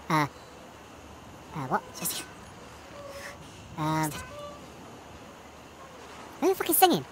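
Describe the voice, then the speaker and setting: A woman's voice: deep voice, wildly swooping pitch, drawn-out words, long pauses, background noise. A woman giving let's play commentary while playing a horror game, panicky, swearing constantly and laughing nervously, with game music behind her.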